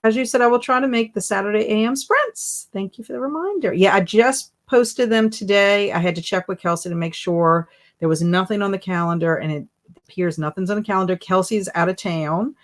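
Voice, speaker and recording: A woman hosting a casual live stream, chatty and animated as she reads viewer comments aloud and reacts to them. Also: mid-range voice, brisk. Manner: animated and emotional. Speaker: livestream host.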